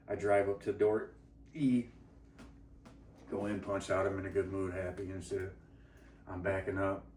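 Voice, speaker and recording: A man's voice: sits low, steady tone, moderate pace, pauses often, darkish tone, distant mic, slight background noise. A man co-hosting a casual chat, telling a heated story full of profanity and acting out the people in it. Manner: heated, swearing, mimics people in his story. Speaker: podcast co-host. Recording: roomy, off-mic sound.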